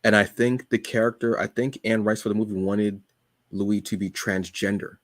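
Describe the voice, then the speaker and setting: A man co-hosting a podcast, chatting casually and rambling with lots of halting fillers. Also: lowish voice, steady tone, dry recording, studio quality. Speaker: podcast co-host. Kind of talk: casual chat.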